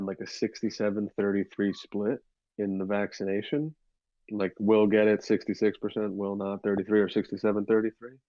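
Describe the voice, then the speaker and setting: A man in his twenties with a low voice, chatting casually on a podcast. He rambles with plenty of fillers and restarts, and the recording sounds dull and dry. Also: dry recording. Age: 20s. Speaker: podcast co-host. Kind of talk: casual chat.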